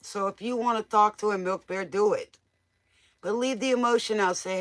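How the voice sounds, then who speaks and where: A woman's voice: medium pitch, moderate pace. A woman giving casual, motherly tarot readings to viewers on a live stream. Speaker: tarot reader.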